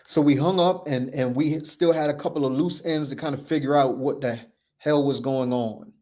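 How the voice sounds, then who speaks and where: A man's voice: medium pitch, fairly even intonation, normal speed, mellow. A man telling a personal story as a podcast host, emphatic and repetitive, acting out the dialogue he quotes.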